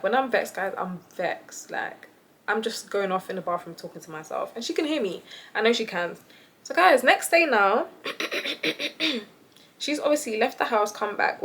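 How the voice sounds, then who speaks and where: A woman's voice: a little high, creaky, a bit bright. A young woman talking to camera, telling a story in a chatty, exasperated way and often addressing her viewers. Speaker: vlogger.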